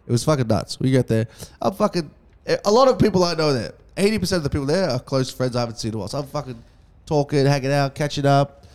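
A young man rattles off a party story at a quick clip, his voice at a middling pitch. He swears constantly and slips into the voices of the people he quotes, the way a casual podcast host keeps a story rolling. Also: animated, darkish tone. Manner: fast, swearing, acts out dialogue.

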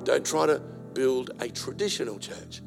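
An older male pastor from Australia delivers a sermon in a gravelly voice. He strings rhyming phrases into a rolling cadence and drops into storytelling asides. Faint instrumental music sits under his voice. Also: medium pitch, moderate pace. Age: 60s.

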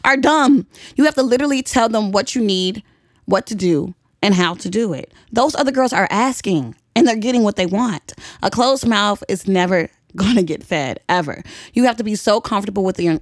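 A woman's voice: medium pitch, no echo, clean studio sound. A young woman hosting a podcast, giving blunt, profane advice in casual chat and laughing often. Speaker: podcast host.

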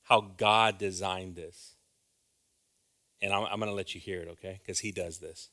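A man preaching an informal sermon, talking conversationally and checking in with the congregation, then building to loud, fervent exhortation. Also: low voice, steady tone, moderate pace. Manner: conversational, often asks the congregation "right?".

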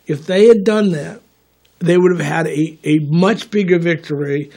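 A man's voice: on the high side, moderate pace, a little mellow. An older man in casual political talk, rambling and repeating words while telling anecdotes. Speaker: political commentator.

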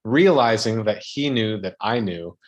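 A man's voice: on the low side, animated, unhurried. A young man, a podcast guest, telling a dry, self-mocking story casually.

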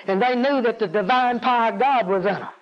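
A preacher with a very high voice, working a congregation with call-and-response and climbing to intense peaks. The recording sounds dull and lo-fi, with muffled highs. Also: male voice, brisk, a crowd in the background. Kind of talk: sermon. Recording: dull lo-fi audio.

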